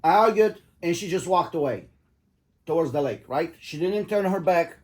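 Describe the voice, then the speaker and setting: A middle-aged man with a fairly high, animated voice talks at a normal speed, casually telling his kids stories. He rambles, swears, and laughs at his own tales.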